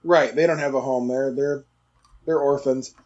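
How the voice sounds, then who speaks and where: A man's voice: mid-range voice, fairly even intonation, normal speed, muffled recording, a crowd in the background. A man co-hosting a sports podcast who talks earnestly with plenty of hesitant fillers. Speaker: podcast co-host. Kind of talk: casual chat.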